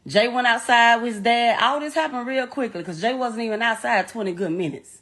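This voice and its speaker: A middle-aged woman with a slightly high voice tells her own story as a mother. She speaks bluntly and haltingly, swears freely and restarts her sentences as she goes. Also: a bit bright. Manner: blunt, profane, halting retelling. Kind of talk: emotional first-person account.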